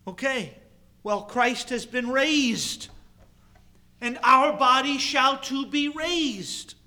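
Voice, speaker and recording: Guy preaching a sermon, bright tense tone, slow and emphatic. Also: very high-pitched. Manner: measured, emphatic preaching with pauses and repetition. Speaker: pastor.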